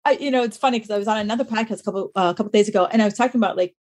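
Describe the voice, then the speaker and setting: A woman guest on a podcast, telling personal stories in an animated, self-mocking way. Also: medium pitch, very fast. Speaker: podcast guest, fitness business owner. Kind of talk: casual interview storytelling.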